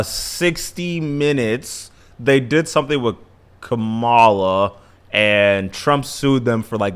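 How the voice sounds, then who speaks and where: A man's voice: mid-range voice, a bit bright. Rambling young man recapping an episode. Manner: rambling, self-correcting, slangy. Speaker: commentary vlogger. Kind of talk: casual episode-recap commentary.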